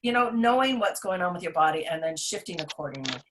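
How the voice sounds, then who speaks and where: A middle-aged woman with a somewhat low voice, chatting casually as a podcast co-host. She talks in long, earnest, rambling stretches, circling back with fillers and restarts, like someone on a friendly rant. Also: expressive, fast, fairly bright tone, a little hiss or hum. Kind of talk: casual chat.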